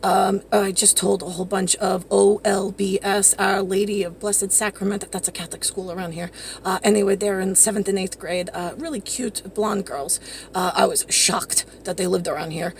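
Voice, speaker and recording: A woman rambling through a profane monologue, hopping from one topic to the next. Her voice has a gravelly edge, and faint noise sits under it. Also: medium pitch, steady tone, moderate pace.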